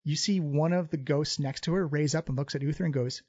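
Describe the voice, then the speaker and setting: A man's voice: on the high side, a little fast, darkish tone, muffled recording. A man narrating a tabletop game as game master in a loose, filler-heavy way.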